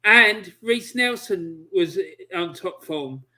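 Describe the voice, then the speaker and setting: High, bright-voiced man on a video call; fuming, emphatic fan rant. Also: expressive, slow. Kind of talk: heated football fan rant.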